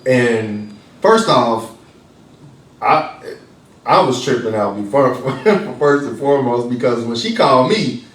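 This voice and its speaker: A man casually retelling an emotional family story in slang-filled speech, animated as he quotes himself. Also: medium pitch, takes it slowly, long pauses, slight background noise. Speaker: interviewee, husband of patient. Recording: roomy, distant mic with faint ambience.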